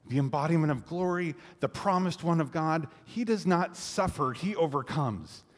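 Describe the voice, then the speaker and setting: A man's voice: fairly high pitch, expressive, normal speed. A man voicing the disciple Peter, making emphatic, rising declarations. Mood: rebuking. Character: impassioned male disciple Peter, fervent and bold. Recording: echoey hall reverb.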